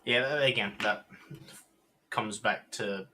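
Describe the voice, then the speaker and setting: A man's voice: on the low side, slow pace, pushed and bright, a little hiss or hum. A man co-hosting a podcast, joking around and giving his hot takes in casual chat. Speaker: podcast co-host.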